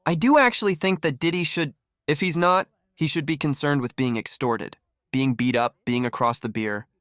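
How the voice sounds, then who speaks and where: A man hosting a commentary channel, talking in a mocking, animated way and acting out quotes. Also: mid-range voice, moderate pace, clear, resonant tone, no room sound, studio quality. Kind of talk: reactive commentary.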